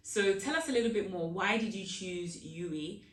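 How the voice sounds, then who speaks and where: A woman's voice: medium pitch, normal speed, fairly bright tone. A woman hosting a podcast interview in an upbeat, welcoming manner. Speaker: podcast host. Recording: roomy sound from a distance.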